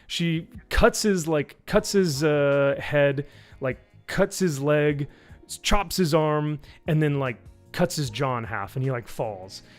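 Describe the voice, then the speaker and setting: A man's voice: a little high, lively intonation, slow pace, soft background music. A man on a live stream recapping a show in a casual, rambling way, sarcastic and profane, with lots of fillers. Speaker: YouTube reviewer on a live stream.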